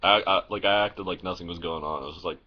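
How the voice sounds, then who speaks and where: A man's voice: sits low, fast talker, lo-fi sound. A young man vlogging in a casual, rambling way, telling stories full of fillers, restarts and swearing, recorded on a phone. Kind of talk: casual vlog storytelling.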